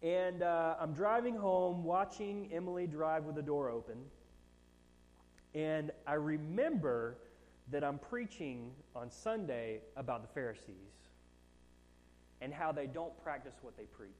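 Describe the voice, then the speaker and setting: A man preaching a sermon, telling a self-mocking story from his own life, with animated, shifting emphasis. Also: a little high, unhurried, in a large hall. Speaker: pastor.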